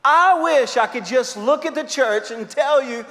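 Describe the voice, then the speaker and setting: Male pastor, middle-aged, animated sermon storytelling, fillers and repeats, reverberant sanctuary. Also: extremely high pitch, measured pace, few pauses. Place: church sanctuary. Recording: long reverb of a large church hall.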